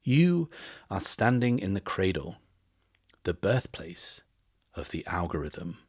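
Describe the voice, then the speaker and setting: A soft, calmly threatening stranger, as a man voices him, speaking low and unhurried in an audio tabletop game. Each word is measured and quietly incredulous, with a dry, close sound. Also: husky, dry recording, exaggerated voice. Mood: quiet menace.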